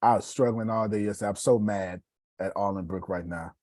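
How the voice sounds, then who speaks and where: A man giving a casual, preacherly motivational talk on live video, swinging between loud bursts and hushed asides. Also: fairly low pitch, fairly even intonation, brisk, dry recording.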